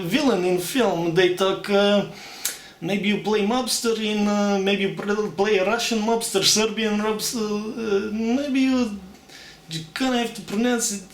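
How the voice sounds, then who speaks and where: Brief: young man, high-pitched, halting casual talk, roomy echo. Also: a bit bright, slight background noise. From Slovakia. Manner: hesitant, many fillers, slips into put-on accents. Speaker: aspiring actor demonstrating accents. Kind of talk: casual accent demonstration to camera. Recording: echoey room.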